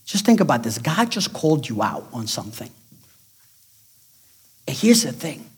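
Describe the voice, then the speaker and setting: A man's voice: moderate pace, breathy edge. A middle-aged man preaching a sermon with emphatic delivery, sometimes dropping to near-whispers for effect and acting out the voices he quotes. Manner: acts out quoted voices in a raised, excited pitch. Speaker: pastor.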